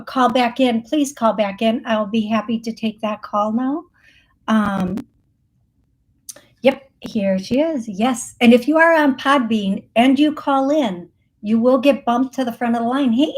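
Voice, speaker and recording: Woman psychic medium host, unhurried, slightly high voice, laughs a lot, thinks out loud. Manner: chatty, laughs often, thinks aloud with fillers. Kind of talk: live call-in show.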